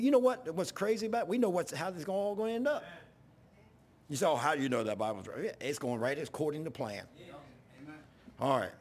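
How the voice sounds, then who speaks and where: A male pastor preaching a sermon in a church, telling folksy stories and rising to yelling when worked up. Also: on the high side. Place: church sanctuary.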